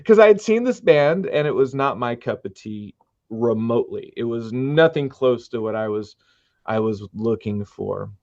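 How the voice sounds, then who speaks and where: A middle-aged man, a musician guest, telling his story with earnest, animated retellings in a casual interview. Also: medium pitch, normal speed, dry recording. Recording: dull dry sound.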